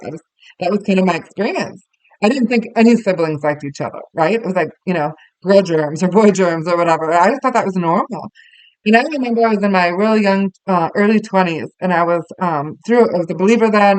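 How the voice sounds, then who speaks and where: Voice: mid-range voice, no room sound, rough recording. A parenting teacher speaking earnestly and conversationally to parents, telling personal stories with many fillers and restarts. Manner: tells personal stories to the listeners.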